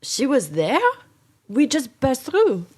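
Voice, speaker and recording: A woman playing an earnest adventurer back home, talking in a halting, apologetic way. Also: sits high, wildly swooping pitch, darkish tone, husky, full character voice. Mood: hesitant.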